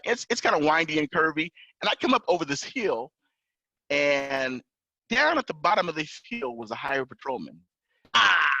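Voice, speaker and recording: A man tells a long story on a podcast, his voice bright and forceful and swinging widely in pitch. He acts out the other people in the story, getting loud when he quotes them. The sound is dry and a little dull, like a lo-fi podcast recording. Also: no echo. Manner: animated, acts out officers' lines in raised voice. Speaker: podcast guest, pilot and entrepreneur. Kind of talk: casual storytelling.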